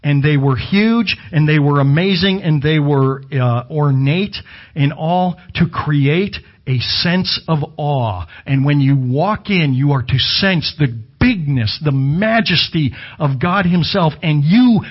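A man's voice: on the high side, takes it slowly, muffled recording. A middle-aged man preaching a sermon in a conversational way, with asides and self-corrections. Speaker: pastor. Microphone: camera video with slides behind him.

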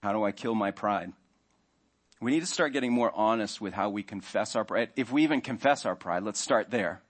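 A man's voice: lowish voice, fairly quick. A man preaching a sermon in a conversational way, now and then acting out the inner voices of his listeners. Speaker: pastor.

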